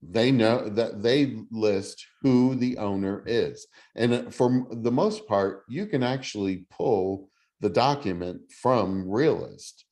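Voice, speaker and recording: A middle-aged man leading a real estate class, talking slowly in a fairly low voice. He teaches casually and haltingly, full of ums and restarts. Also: expressive, darkish tone. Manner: halting, many fillers and restarts. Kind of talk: casual teaching over video call.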